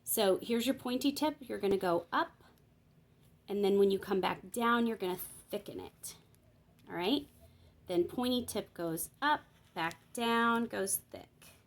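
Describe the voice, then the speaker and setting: In an unhurried, mid-range voice, a woman gives a casual Bible journaling tutorial. She chats and thinks aloud as she works, explaining each step and checking in with viewers.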